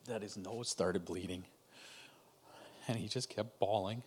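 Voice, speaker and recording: A man in his thirties telling an emotional personal story in a conversation over a video call, halting and restarting as he goes. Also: fairly low pitch, a little mellow, slight background noise.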